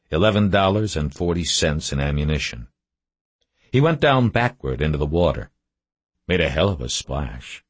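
A man narrates a first-person story in a very deep, husky voice. His delivery is terse and measured, kept low-key from line to line, in a dry recording. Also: dry recording. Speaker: audiobook narrator.

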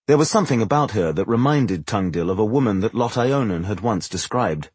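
Husky low-voiced male audiobook narrator. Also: expressive, a little mellow, dry recording. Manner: measured, dramatic storytelling. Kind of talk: scripted fantasy narration.

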